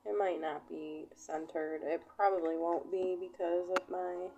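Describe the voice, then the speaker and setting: Slow, unhurried woman giving a tarot reading. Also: on the low side, little pitch movement, creaky, noisy background. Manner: unhurried, rambling, with many fillers. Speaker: tarot reader. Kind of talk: casual tarot reading to camera.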